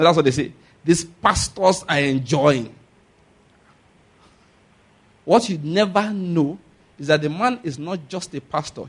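A man preaches a lively sermon. His voice sits fairly high and has a husky edge. He keeps checking in with the congregation, asking for amens and whether they get his point. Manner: animated preaching with call-and-response questions. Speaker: pastor.

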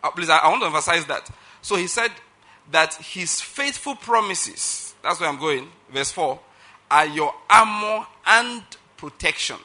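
A man's voice: a little high, expressive, unhurried, bright, forceful tone. A middle-aged man preaching a sermon emphatically, often checking that listeners follow his point. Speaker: pastor.

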